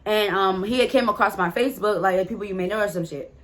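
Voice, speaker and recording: A storytime vlogger with an ordinary middle-pitched voice speaks fast, sharing a personal story straight to camera in a loose, conversational style. She's candid and casual, swears freely, and keeps addressing her viewers as "y'all."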